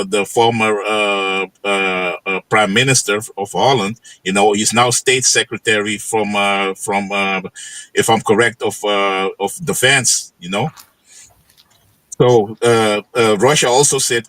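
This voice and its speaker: A man's voice: medium pitch, fairly bright tone, dry recording, rough recording. A man hosting a livestream, teaching from scripture in a loose, conversational way, tagging his sentences with "man" and "you know". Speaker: livestream host and preacher. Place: home setting in the Netherlands.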